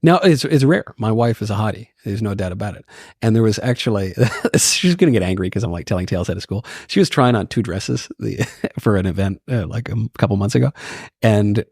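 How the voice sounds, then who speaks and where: A man's voice: on the low side, a little fast, creaky, husky, no room sound, clean studio sound. A man in his thirties, a podcast guest telling stories in casual, joking chat. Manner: lively, joking, lots of restarts.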